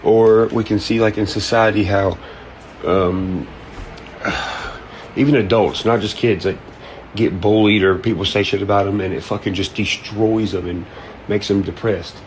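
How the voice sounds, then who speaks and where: A man's voice: on the low side, steady tone, unhurried, slight background noise. A man ranting casually in a vlog, profane, laid-back and rambling. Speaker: content creator.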